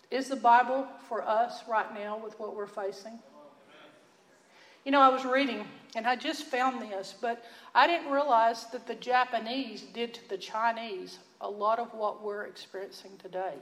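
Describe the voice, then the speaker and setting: A woman with a Texan accent preaches in a folksy, earnest storytelling way, often dropping to a hushed tone to stress a point. Her voice sits a little high. The room around her rings with a noticeable echo. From Texas. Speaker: Bible teacher. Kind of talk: sermon storytelling.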